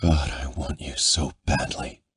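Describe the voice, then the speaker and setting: A man narrating an audiobook, voicing a commanding male lover in a low, insistent murmur. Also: fairly even intonation, unhurried, fairly bright tone, slightly rough, no echo, exaggerated voice. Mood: intense murmuring.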